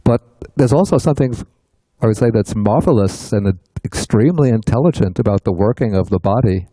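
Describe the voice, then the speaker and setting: Older man teaching, low and mellow. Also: brisk, no room sound, low-quality recording. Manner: relaxed storytelling, laughs often. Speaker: teacher leading a sutta study class. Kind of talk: casual teaching talk.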